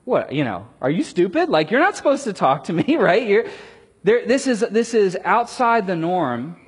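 A scoffing, sarcastic woman at a well, as a preacher puts her on, her voice swinging up high and down in disbelief. The tone is husky, and a long hall reverb trails behind every line. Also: big pitch swings, moderate pace, exaggerated voice. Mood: incredulous. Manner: incredulous, mocking.

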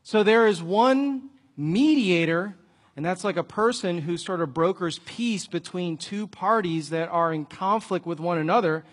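A man preaching a sermon and telling an illustrative story, earnest, often dropping to a soft, hushed voice. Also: high voice, unhurried.

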